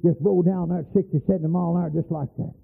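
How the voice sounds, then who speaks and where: A man's voice: a little high, fairly even intonation, racing, creaky, slightly rough. An older man preaching a fervent, folksy sermon, telling stories with passion. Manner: impassioned, storytelling, folksy. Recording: tinny lo-fi old tape.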